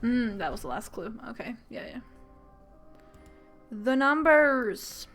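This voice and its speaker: A woman's voice: a little high, big pitch swings, takes it slowly, a bit bright, faint music behind. A woman giving casual game commentary, chatty, full of "like" fillers, reading on-screen text aloud. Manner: chatty, many "like" fillers, reads dialogue aloud. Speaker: game streamer.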